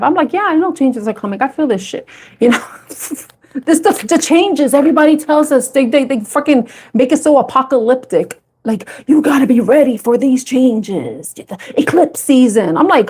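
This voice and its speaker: A woman talks straight to her viewers as a tarot reader, telling stories in a loose, chatty way. She laughs often and swears freely. Her voice sits fairly high. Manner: animated storytelling. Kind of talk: casual chat to viewers.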